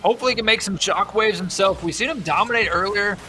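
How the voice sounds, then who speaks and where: Bright high-voiced young male commentator. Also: a little hiss or hum. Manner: energetic, jokey, quick exclamations. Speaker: esports commentator. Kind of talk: live play-by-play commentary.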